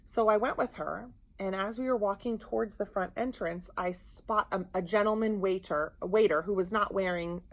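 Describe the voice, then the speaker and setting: A woman co-hosting a podcast, telling a story in casual chat, animated and indignant. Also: medium pitch, moderate pace, hardly any pauses. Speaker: podcast co-host.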